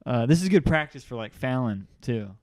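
A man's voice: medium pitch, animated, normal speed, darkish tone, dry recording. A young man hosting a casual interview with a friend, chatty and jokey, laughing often. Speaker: host.

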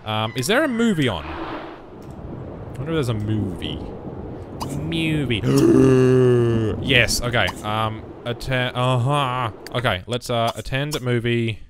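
A young man giving casual let's play commentary, muttering through menu choices with sudden loud bursts of excitement. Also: mid-range voice, slow, long pauses, over music. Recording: noisy background with game rain.

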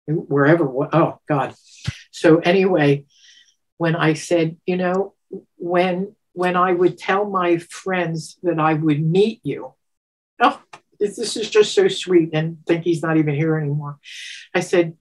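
An older woman in her seventies recounts a cherished memory with a slightly low voice. She is lively and laughs often, and her voice leaps up when she acts out what was said. She gets emotional and stumbles over her words as she goes. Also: breathy edge. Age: 70s. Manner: animated, laughs often, acts out quotes with sudden pitch jumps; emotional, halting restarts. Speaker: interviewee. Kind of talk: storytelling, recounting a personal memory.

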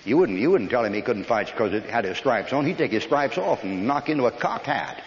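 A man's voice: mid-range voice, expressive, fairly quick, muffled recording. Older man preaching, echoey old hall recording. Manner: folksy storytelling with rough army anecdotes; blunt, scolding, emphatic. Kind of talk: sermon. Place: church hall.

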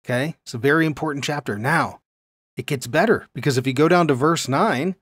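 A man teaching a Bible lesson on video in an animated way, often checking in with his listeners. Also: a little high, brisk, slightly rough, no echo, studio quality.

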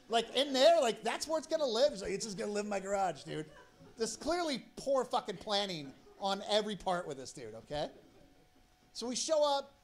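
A man telling a rambling, profane story on stage as a stand-up comedian. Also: high voice.

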